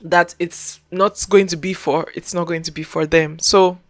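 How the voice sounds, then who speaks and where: A woman's voice: on the low side, fairly even intonation, moderate pace. A young woman talking earnestly to camera as a content creator, repeating herself as she speaks from the heart. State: getting emotional, near tears. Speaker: content creator and podcast host. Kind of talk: casual talk to camera.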